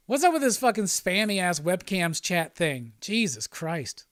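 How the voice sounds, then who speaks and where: A man's voice: sits high, a bit bright, no room sound, clean studio sound. A man hosting a casual livestream chat, rambling and swearing freely, often laughing. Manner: rambling and profane, with frequent laughs. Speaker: host.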